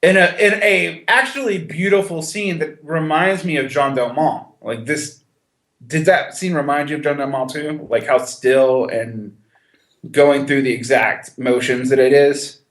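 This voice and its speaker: This podcast co-host speaks a little slowly, his voice fairly high and a bit bright, with reverb around it. Chatting casually about a film, he restarts frequently and laughs occasionally.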